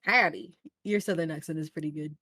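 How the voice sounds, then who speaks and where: A young woman with a fairly low voice speaks as a guest in a relaxed interview. Her delivery is animated, jumping up and down in pitch, and full of "like" and "um". The sound is dry and close, with no room in it. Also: normal speed, no room sound. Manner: animated, jumps between high and low, many fillers. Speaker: streamer and voice actor, interview guest. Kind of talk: casual interview chat.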